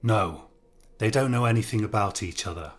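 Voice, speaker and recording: A genial male professor, as a male storyteller voices him, explaining the rules of a game over dinner. His low voice takes a patient, lecturing tone. It is read as a spoken story. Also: normal speed, lightly acted.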